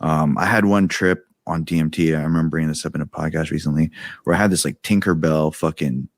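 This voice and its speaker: A man with a low, deep voice tells a story in a casual, slang-heavy way and swears as he talks. The sound is close and dry, with no room around it. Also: steady tone, fast talker, dry recording. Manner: laid-back slangy storytelling, swears freely. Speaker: podcast co-host. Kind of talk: casual podcast chat.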